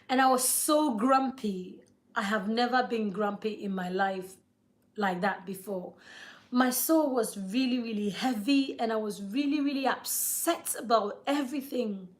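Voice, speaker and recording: Woman, thirties, slightly high voice, live storytime vlog, earnest, emotional, repeats words for emphasis. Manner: checks in with listeners. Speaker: vlogger.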